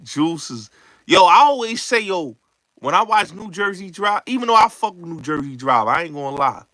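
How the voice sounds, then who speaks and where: A man, hosting a show, chatting casually and acting out movie lines in slangy, animated talk. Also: high voice, normal speed, dry recording. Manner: slangy, repeats yo and son. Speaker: show host.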